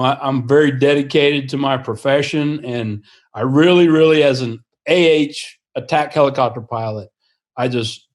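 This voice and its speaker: A man who pilots attack helicopters, a podcast guest telling his stories in an earnest, casual way and laughing often. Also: mid-range voice.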